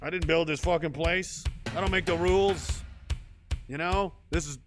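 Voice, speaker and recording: A man with a fairly high voice hosts a casual podcast, swearing freely and slipping into sarcastic, mock-dramatic narration. Music plays clearly behind his voice throughout. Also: steady tone, moderate pace. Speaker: podcast host. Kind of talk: casual livestream rant.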